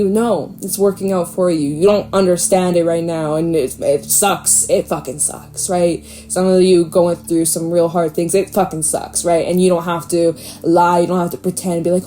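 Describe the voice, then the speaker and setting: A woman giving a casual, animated tarot reading, swearing freely and laughing often. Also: medium pitch, a little slow. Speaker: tarot reader.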